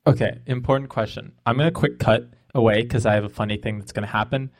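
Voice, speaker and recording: A man's voice: medium pitch, fairly even intonation, fast talker. A man playing a tabletop game, casual and a little hesitant. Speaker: player.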